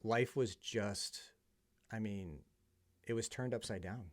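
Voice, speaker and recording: A podcast guest with a fairly low voice speaks slowly, sharing a personal testimony in conversation. He tells his story earnestly and from the heart, with plenty of um's and restarts.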